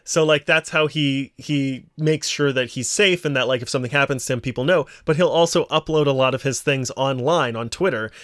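A man co-hosting a podcast in casual chat, telling rambling stories with animated energy. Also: medium pitch, fairly quick, few pauses, no room sound, studio quality. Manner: rambling, animated storyteller with frequent laughter. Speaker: podcast co-host.

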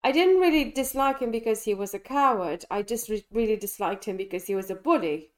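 A woman co-hosting a casual podcast, reviewing a film with animated enthusiasm and frequent restarts. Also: on the high side, a little fast. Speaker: podcast co-host reviewing films. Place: London.

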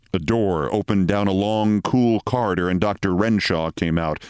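A man hosting a show, reading a short story aloud in measured, dramatic narration. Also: sits low, smooth, no echo, studio quality.

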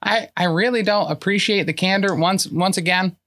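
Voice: mid-range voice, moderate pace, fairly bright tone. A tabletop game player talking in character, earnest and matter-of-fact, with frequent fillers and restarts as they explain things.

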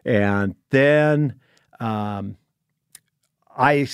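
A man's voice: medium pitch, very slow, clean tone, dry recording. Older male guest, easygoing storyteller with a mid-range voice who restarts often and acts out the dialogue. Dry, close recording. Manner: rambling, with many restarts and quoted dialogue. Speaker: podcast guest. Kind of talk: casual storytelling.

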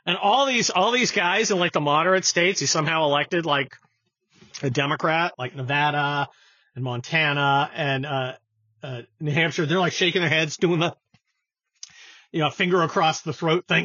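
A man's voice: a little high, moderate pace, pushed and bright, dry recording, highs cut off. A man giving sarcastic, scornful political commentary on his show, often stumbling and restarting his sentences. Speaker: political podcast host.

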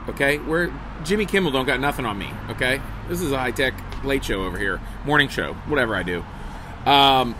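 A man's voice: on the high side, sharp tone, slight background noise. A middle-aged man, a comedian hosting a daily livestream, chatting casually and jokily to viewers, rambling with restarts and asides, recorded on a phone outdoors. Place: outdoors at a table beside a house. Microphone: phone on camera.

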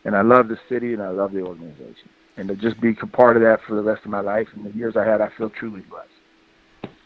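A man's voice: lowish voice, fairly even intonation, quick pace, slight background noise. Humble guy calling in, sounds like a tinny phone line. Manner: humble, heartfelt. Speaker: guest, former football player. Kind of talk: interview by phone.

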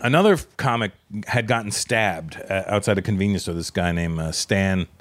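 A man's voice: deep voice, expressive, a bit bright, no room sound. A man in his fifties co-hosting a comedy podcast, teasing and profane in casual banter. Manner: teasing, profane, quick to laugh.

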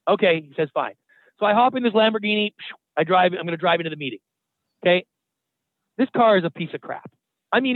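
A man with a high voice tells stories in a lively, conversational way and swears casually. He comes through a tinny, phone-like line with a dry, close sound. He talks like a guest in an interview. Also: dry recording. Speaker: guest, TV producer and trainer.

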